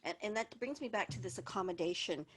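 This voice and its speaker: A woman's voice: mid-range voice, expressive, fast talker, husky. A woman hosting a business webinar as an HR consultant, talking in a conversational way with many restarts. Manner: conversational, with frequent restarts and repeated words.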